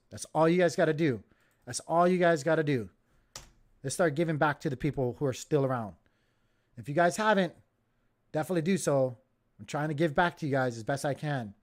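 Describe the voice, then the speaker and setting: A man hosting a casual crypto livestream, giving excitable, jokey market commentary straight to his viewers. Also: on the high side.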